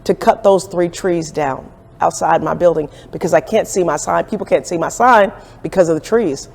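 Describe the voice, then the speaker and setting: A woman's voice: lowish voice, moderate pace, gravelly, darkish tone. A woman doing a curious Jamaican shopkeeper man. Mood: asking. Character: Jamaican man, a truck-painting shop owner, curious and surprised. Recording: echoey room with long reverb.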